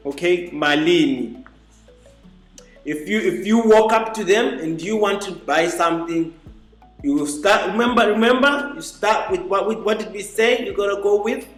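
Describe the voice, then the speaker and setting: Man, slightly high voice, teaching phrases slowly, echoey room, faint music. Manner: repeats phrases slowly for the learner, chatty asides. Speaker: language teacher. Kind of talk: casual spoken lesson.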